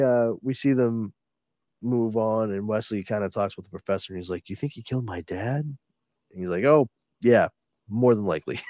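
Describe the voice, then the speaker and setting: A man's voice: fairly low pitch, no echo, studio quality. A man casually recapping a comic book with a co-host, laughing often and acting out the characters' lines. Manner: laughing, animated retelling with acted-out quotes.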